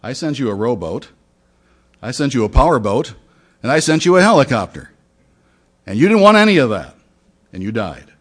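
A man's voice: fairly low pitch, expressive, moderate pace, husky. A man voicing God, who patiently lists what he did and then makes his point. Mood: exasperated. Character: God, patient but exasperated.

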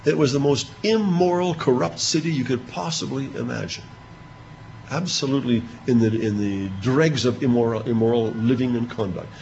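Man preaching an animated sermon. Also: medium pitch, normal speed, vocal fry, a little hiss or hum. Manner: animated retelling, voicing quoted speech with rising emphasis. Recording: dull lo-fi recording with faint ambience.

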